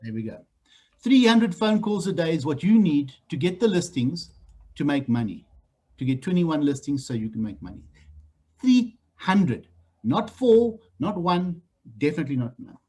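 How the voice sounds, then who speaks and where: South African trainer, middle-aged man, husky and fairly high, blunt and teasing delivery for group training. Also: moderate pace. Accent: South African English. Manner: blunt, animated, teasing the room. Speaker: real estate trainer. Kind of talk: training talk to new agents.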